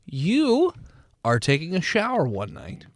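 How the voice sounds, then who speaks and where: A man narrating a tabletop game as game master, lively, often laughing and slipping into voices. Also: on the high side, a little slow, no room sound, clean studio sound.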